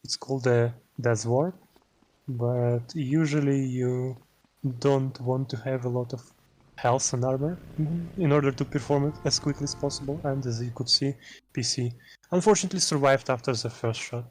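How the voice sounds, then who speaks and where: A man's voice: mid-range voice, moderate pace, slight background noise. A man with a German accent giving casual, chatty commentary on a video game race, explaining strategy with self-deprecating jokes. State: tired.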